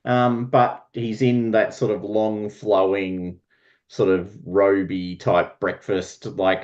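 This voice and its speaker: A man's voice: deep voice, flat delivery, slow pace, darkish tone, lo-fi sound. A man narrating as game master in a tabletop game, meandering and searching for words.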